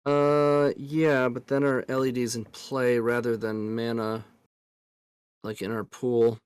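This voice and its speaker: A man's voice: medium pitch, level tone, a little slow, darkish tone, clean tone, no echo. Tired man thinking aloud, very dry sound. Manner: hesitant, thinks aloud with fillers and restarts. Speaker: guest player in a card game. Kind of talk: casual gameplay discussion.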